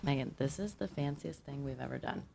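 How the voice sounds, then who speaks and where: Very deep, gravelly-voiced woman co-host. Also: lively intonation, a little fast, noisy background. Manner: playful, jokey banter. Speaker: podcast co-host, writer. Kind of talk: casual podcast chat. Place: podcast studio.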